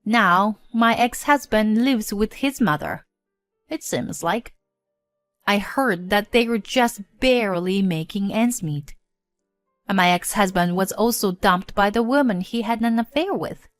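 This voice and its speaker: A woman telling a first-person story in an expressive, indignant storytelling manner. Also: mid-range voice, a little slow, dry recording. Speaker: narrator. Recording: dry close voice-over with faint music.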